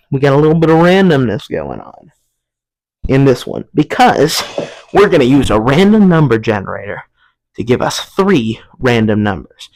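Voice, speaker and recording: A man's voice: medium pitch, dry recording, poor audio. Goofy rambling young man. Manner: goofy, rambling, jumps into silly voices. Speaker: vlog host. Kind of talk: casual comedic vlog. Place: at home while folding laundry.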